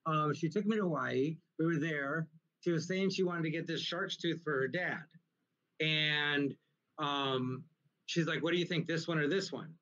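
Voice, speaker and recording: Brief: rambling, profane male comedian, bright voice. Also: fairly high pitch, moderate pace. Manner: rambling, profane, animated anecdotes. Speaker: guest comedian. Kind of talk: casual storytelling in a live interview. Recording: muffled, lo-fi recording.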